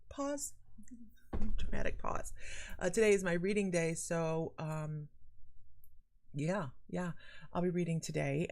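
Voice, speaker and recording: A woman hosting a casual psychic livestream, chatting animatedly and reading out viewer comments. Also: on the low side. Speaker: psychic medium host.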